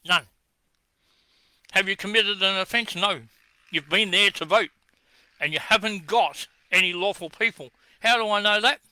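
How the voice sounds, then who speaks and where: A man's voice: sits high, moderate pace, bright, forceful tone, no echo. A man with an Australian accent delivering a combative address straight at the listener, firing accusations and answering his own rhetorical questions. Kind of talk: ranting address to camera.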